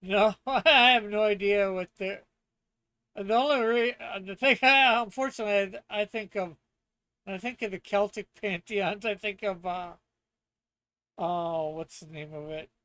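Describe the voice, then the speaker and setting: A man's voice: sits high, normal speed, sharp tone, clean tone, no echo. A man hosting a casual live stream, reading chat aloud and laughing often. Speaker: streamer host.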